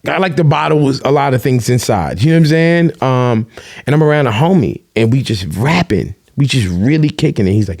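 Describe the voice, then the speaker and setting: A man in casual chat, telling animated stories in streetwise slang and swearing freely. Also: mid-range voice, brisk, vocal fry, no room sound, clean studio sound. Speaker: podcast guest, vlogger.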